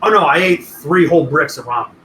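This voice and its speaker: Podcast co-host, man, high and bright, rambling and profane, roomy sound. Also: lively intonation, fast. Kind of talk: casual chat.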